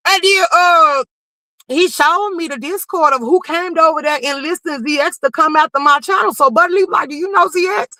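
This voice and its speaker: High, bright-voiced woman ranting. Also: dry recording, poor audio. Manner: animated, profane, quick to raise her voice. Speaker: livestream commentary host. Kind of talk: casual storytelling rant.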